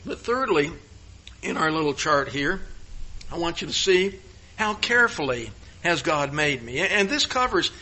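A high, bright-toned man preaching a sermon. He stumbles and restarts words often and swings between ringing emphatic lines and low, quiet ones. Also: very animated, measured pace, low-quality recording. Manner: stammering restarts, emphatic rises and hushed drops. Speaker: pastor.

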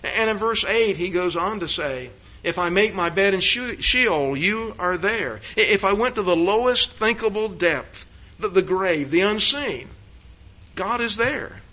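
A man preaching a sermon on a psalm, with frequent stammered restarts and sudden emphatic rises that fall back to hushed, slower phrases. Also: sits high, expressive, low-quality recording. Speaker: pastor.

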